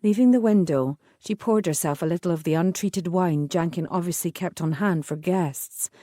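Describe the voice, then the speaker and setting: A woman narrates a historical romance in a measured, steady storytelling voice. Her tone sits low and mellow. The sound is close and dry, with no room around it. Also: dry recording. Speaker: audiobook narrator. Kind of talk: scripted narration.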